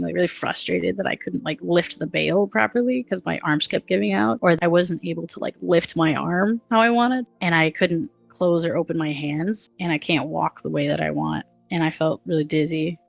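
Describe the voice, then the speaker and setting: A woman's voice: low voice, creaky. A young woman telling a long personal story in a casual, rambling way, often giggling and using fillers. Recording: dull lo-fi audio with faint music.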